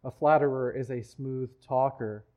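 A man's voice: mid-range voice, steady tone, normal speed, muffled recording. A man preaching a sermon in a church, talking in a conversational way with frequent restarts. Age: adult, married. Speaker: pastor.

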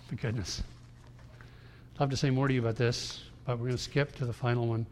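A man preaching a sermon to a congregation, emphatic and swinging between hushed lines and loud ones. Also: medium pitch, little pitch movement, racing, slight background noise. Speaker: pastor. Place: large church room before a congregation. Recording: long hall reverb.

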